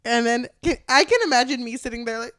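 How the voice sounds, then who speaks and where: A woman's voice: on the high side, fast talker, a bit bright, no room sound, studio quality. A young woman co-hosting a podcast, chatting casually about a book and acting out lines from scenes. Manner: retells scenes with acted quotes, laughs often. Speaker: podcast co-host.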